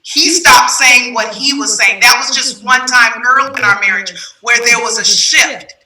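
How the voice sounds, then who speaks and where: Woman host chatting about marriage, super bright voice, sounds far from the mic in an echoey room. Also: on the high side, normal speed. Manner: animated storyteller, laughs while telling. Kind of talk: casual chat about marriage.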